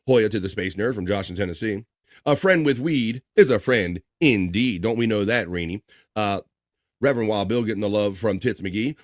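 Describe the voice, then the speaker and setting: A man's voice: medium pitch, no room sound, studio quality. A man hosting a casual live stream, reading viewer comments aloud, joking and laughing often. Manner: chatty, laughs often, reads chat names aloud. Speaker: livestream talk show host.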